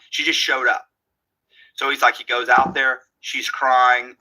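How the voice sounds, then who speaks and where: A man's voice: medium pitch, normal speed, breathy edge, low-quality recording. A man telling a long story in a casual way, acting out the lines of the people in it. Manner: animated, acts out quoted dialogue.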